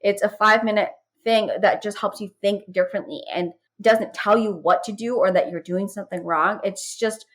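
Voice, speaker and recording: A woman's voice: medium pitch, normal speed, few pauses, low-quality recording. Chatty woman telling stories on a podcast. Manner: animated storytelling, many "I was like" asides. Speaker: podcast guest, parenting course creator. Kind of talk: casual podcast conversation.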